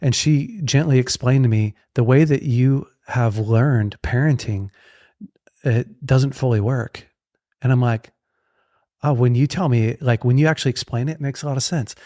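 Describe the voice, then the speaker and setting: A man's voice: medium pitch, moderate pace, mellow, no echo. Male pastor-host, candid and reflective, mid-range voice, dry booth sound. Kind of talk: conversational podcast interview.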